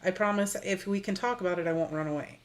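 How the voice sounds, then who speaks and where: A woman's voice: fairly low pitch, fast. A woman co-hosting a podcast in casual chat, explaining ideas with psychology terms. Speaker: podcast co-host.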